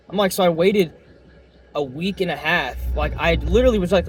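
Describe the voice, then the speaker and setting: A young man with a slightly high voice talks loosely from the driver's seat. He swears often and leans on fillers. Road and engine noise stays clearly audible under his voice. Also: fairly quick, rough recording. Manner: profane, rambling, many fillers. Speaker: vlogger and auto shop worker. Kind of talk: casual rambling chat while driving. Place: inside a car on city streets.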